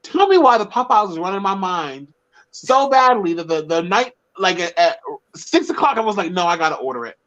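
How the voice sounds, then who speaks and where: A man's voice: high-pitched, animated, moderate pace, fairly bright tone, lo-fi sound. A man co-hosting a podcast in casual chat, playful and giggly, acting out little scenes. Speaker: podcast co-host.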